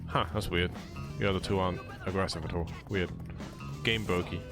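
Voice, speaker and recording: A man's voice: low voice, steady tone, brisk. A young man with a British accent giving laid-back, joking commentary on a speedrun, explaining tricks as he plays. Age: young adult. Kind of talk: casual live-stream commentary. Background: game music.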